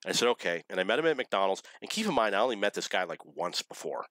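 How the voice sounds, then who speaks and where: A man's voice: fairly low pitch, big pitch swings, fast talker, fairly bright tone, dry recording, poor audio. A man casually telling dating stories in a rambling, self-correcting, wry way. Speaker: storyteller.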